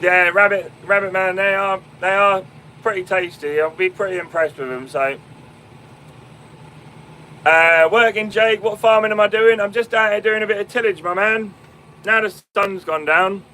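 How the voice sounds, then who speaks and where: A man's voice: high voice, moderate pace, sharp tone, low-quality recording. Young fenland farmer guy livestreaming from the tractor, chatty, calls everyone mate, faint engine hum behind. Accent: English Fenland. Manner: chatty, many ums and restarts, calls viewers mate and my man. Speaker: farmer live-streaming from a tractor cab. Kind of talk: casual live stream chat, answering viewers. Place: inside a tractor cab in a field. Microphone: phone.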